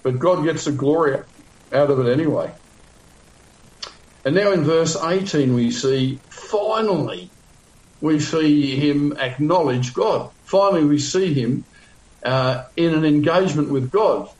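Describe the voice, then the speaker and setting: A man's voice: fairly high pitch, expressive, measured pace, a little mellow, roomy sound, low-quality recording. A male pastor teaching a Bible passage in a sermon, conversational with frequent fillers, restarts and wry asides.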